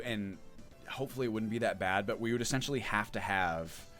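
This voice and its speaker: Chatty low-voiced man streaming. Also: a bit bright. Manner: chatty, thinks aloud, reads chat and answers it. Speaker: mod developer streaming. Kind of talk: casual livestream chat.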